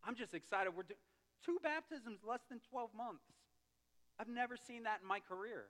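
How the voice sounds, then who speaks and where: Man, pastor, impassioned sermon, high voice, long church-hall reverb. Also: moderate pace. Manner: impassioned, swinging from loud to hushed. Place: church sanctuary.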